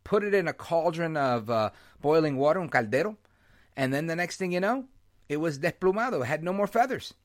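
Guy doing a solo podcast rant, fairly high voice, fired up and opinionated. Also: fairly quick. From United States. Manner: animated, opinionated, mixes in Spanish words. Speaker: podcast host. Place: New York.

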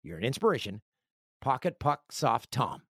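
Animated, joking man hosting a podcast. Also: mid-range voice, normal speed, slightly rough, no room sound, studio quality. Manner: joking, animated storytelling with self-deprecating asides. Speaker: podcast host. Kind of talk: casual podcast monologue, reading listener mail.

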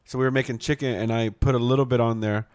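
A man guesting on a podcast in casual chat, an animated storyteller who acts out quotes. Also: medium pitch, fast.

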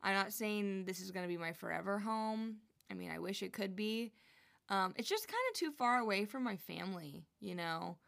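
A woman's voice: medium pitch, moderate pace, vocal fry, fairly bright tone. A young woman chatting casually in a vlog, rambling with lots of fillers. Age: young adult. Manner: chatty, rambling, lots of likes and you knows. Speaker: vlogger. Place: Hawaii home.

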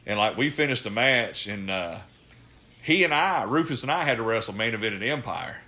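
Man, co-host, bright voice, profane storyteller. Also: mid-range voice, animated, normal speed. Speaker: podcast co-host. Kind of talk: casual chat.

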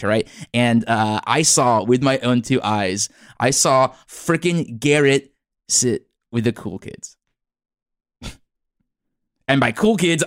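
A man's voice: medium pitch, no room sound, lightly acted. A man plays a teenage boy hosting his own school podcast, rambling and gossiping with endless likes and uhs. His voice sits in a middle register and is recorded dry and close. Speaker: podcast host. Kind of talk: improvised comedy podcast.

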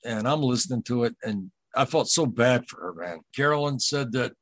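A man talking as a podcast guest, telling a personal story in an earnest, halting way and often retelling what people said. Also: medium pitch, expressive, no echo. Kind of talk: casual first-person storytelling.

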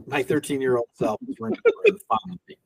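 A man's voice: fairly high pitch, huge pitch swings, quick pace, vocal fry, slightly rough, dry recording, far from the mic. A man co-hosting a movie podcast in casual chat, rambling and laughing often as he acts out little quotes. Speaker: podcast co-host.

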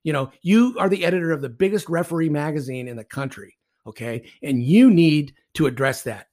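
A man's voice: on the high side, brisk, darkish tone. A man, a retired referee and podcast co-host, telling blunt, profane stories in casual sports talk.

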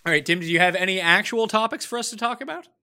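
A man's voice: sits high, lively intonation, fast, sharp tone, clean tone. A man co-hosting a podcast in casual chat, teasing and incredulous. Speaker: podcast co-host.

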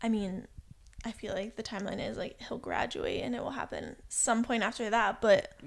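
A young woman chatting easily with her friends in a loose, relaxed way, her sentences full of "like" and trailing restarts. Her voice sits at an ordinary middle pitch for a woman. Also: normal speed, gravelly. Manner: relaxed, heavy use of "like". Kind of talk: casual chat among friends.

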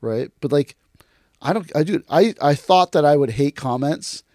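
A man hosting a martial arts podcast in casual chat, animated, sometimes mimicking online commenters. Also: normal speed, no echo, clean studio sound. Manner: animated, acts out mocking commenters in sudden high voices.

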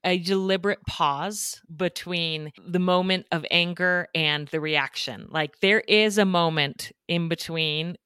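Low-voiced woman hosting a podcast, crisp and bright, reflective, dry close sound. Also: a little slow, hardly any pauses, dry recording. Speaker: podcast host. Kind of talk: podcast interview.

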